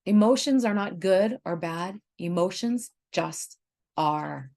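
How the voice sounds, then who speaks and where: A woman's voice: fairly low pitch, animated, takes it slowly, vocal fry, a little mellow. A middle-aged woman, a healer, speaking earnestly to camera in an emphatic teaching tone. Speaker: intuitive empathic healer. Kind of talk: talking-to-camera self-help talk.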